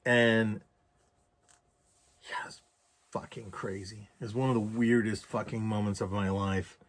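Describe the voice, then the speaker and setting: A man vlogging a casual story, swearing a lot and loudly acting out his own past rants. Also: mid-range voice. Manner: profane, animated, acts out quoted rants loudly.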